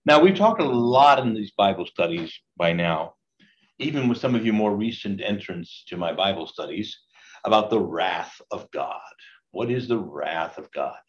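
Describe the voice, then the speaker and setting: A man's voice: on the low side, animated, normal speed. An older man, a priest, leading a Bible study in a conversational way and asking his group questions. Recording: dull lo-fi recording.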